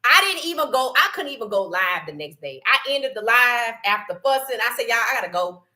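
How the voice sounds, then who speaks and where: A woman hosting a live sports stream in casual chat, animated and laughing often as she greets viewers in the chat by name and speaks. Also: a little high, a little fast. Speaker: livestream sports host.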